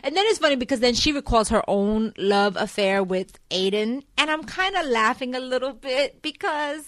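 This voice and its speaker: Female co-host, higher register, chatty and animated, dry close sound. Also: normal speed, no room sound. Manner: chatty, animated, full of fillers and laughs. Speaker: soap opera recap host. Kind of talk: casual chat.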